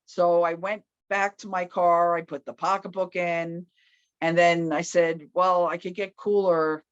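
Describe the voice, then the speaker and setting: Casual woman storyteller, loud, acts out every voice, slightly dull dry recording. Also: fairly low pitch, flat delivery, unhurried, smooth, dry recording. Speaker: guest telling a personal story.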